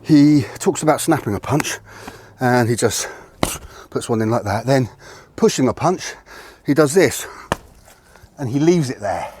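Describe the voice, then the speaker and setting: A martial arts instructor stands near a tree outdoors, explaining punching technique for a video. His mid-range voice is expressive, unhurried and a little mellow. He talks conversationally, revising his own words and breathing a bit hard, with some light hiss or hum underneath.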